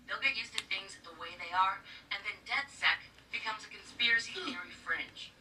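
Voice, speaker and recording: An urgent young hacker activist. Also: female voice, mid-range voice, normal speed, bright, forceful tone, slight background noise. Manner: urgent, persuasive. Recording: game audio heard from a distance.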